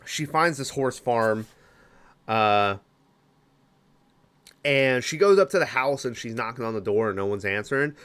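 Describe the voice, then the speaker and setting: A podcast host talks a listener through a movie scene by scene in an easygoing, profane ramble, stacking up "uh"s and "you know"s. His voice is smooth and resonant and sits at an ordinary middle pitch for a man. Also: expressive, unhurried, pauses often, a bit bright. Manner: profane, rambling, lots of fillers. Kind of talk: casual movie recap.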